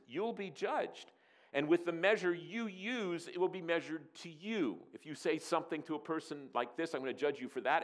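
A man preaching a sermon, animated and playful, who acts out scenes and sometimes drops to a soft, earnest tone. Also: mid-range voice. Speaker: pastor.

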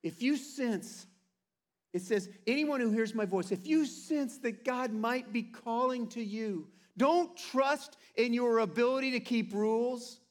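High-voiced man preaching a sermon. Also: unhurried. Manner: earnest, animated preaching with playful asides. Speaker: pastor. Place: church sanctuary.

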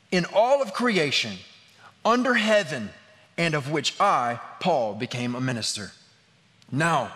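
A man's voice: a little high, bright, forceful tone, long reverb tail. A man preaching a sermon as a pastor, telling a funny story with lots of laughter and filler words. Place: church.

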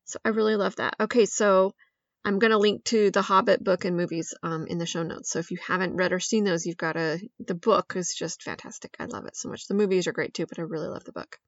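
A woman's voice: lowish voice, fairly even intonation, fast, no echo, highs cut off. A woman hosting a podcast in an upbeat, chatty monologue that leans on lots of intensifiers. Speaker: podcast host.

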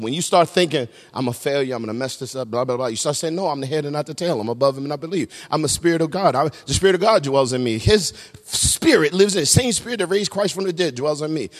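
A middle-aged pastor preaches a sermon in a large church sanctuary, his voice swinging between loud shouts and hushed, low tones as it fills the big hall.

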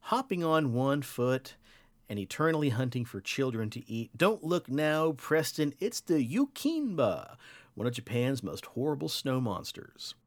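Animated man telling spooky folklore. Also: mid-range voice, measured pace. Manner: playful, animated, teasing his co-host. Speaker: podcast host. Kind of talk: casual folklore storytelling.

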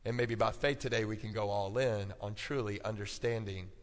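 Here a male pastor's fairly low, steady voice moves at normal speed as he preaches, calling to the congregation and repeating main points for note-taking in call-and-response fashion. A long reverb fills the church hall.

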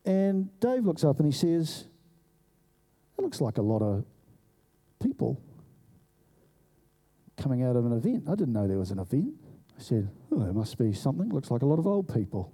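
A man's voice: medium pitch, normal speed, pauses often, husky. A man telling a story in a sermon, acting out the voices of the people in it. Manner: animated storyteller who acts out voices. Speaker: preacher.

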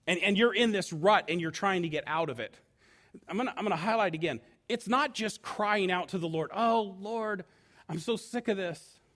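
A man's voice: high voice, brisk, fairly bright tone. A middle-aged male pastor preaching a sermon with emphatic delivery, acting out quotes along the way.

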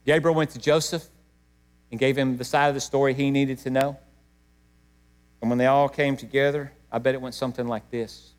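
A middle-aged man preaching a sermon to his church, emotional, swinging between loud emphatic peaks and hushed moments. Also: mid-range voice, level tone, brisk, long pauses. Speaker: pastor.

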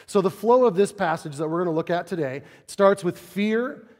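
A man's voice: animated, moderate pace. Conversational male pastor in a reverberant hall. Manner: conversational, drops to soft low tones for emphasis. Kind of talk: sermon.

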